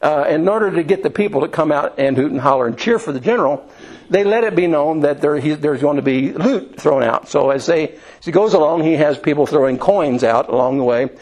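Brief: male preacher, slightly higher voice, homespun storyteller, halting restarts, sermon delivery. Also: a little mellow, rough recording. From Indiana, USA. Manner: folksy storytelling with many restarts and fillers.

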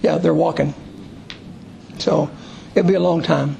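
Guy with a really gravelly voice, a bit high, reading scripture and chatting through it for his bible class. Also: fairly even intonation, unhurried, mellow, slight background noise, low-quality recording. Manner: conversational and explanatory, with occasional fillers. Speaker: Bible study teacher. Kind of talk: Bible study lesson, reading scripture aloud and explaining it.

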